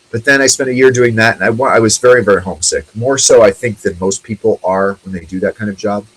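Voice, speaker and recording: A man's voice: fairly low pitch, breathy edge, rough recording. A man in his forties hosting a casual solo talk show, rambling and chatty with lots of fillers. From United States. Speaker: host.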